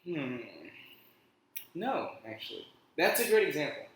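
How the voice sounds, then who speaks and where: A man's voice: a little high, sing-song, measured pace, a bit bright. A man of about twenty co-hosting a podcast in a giggly, rambling, self-mocking way. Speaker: co-host. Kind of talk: casual podcast chat. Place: college house room. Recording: echoey room, far from the mic.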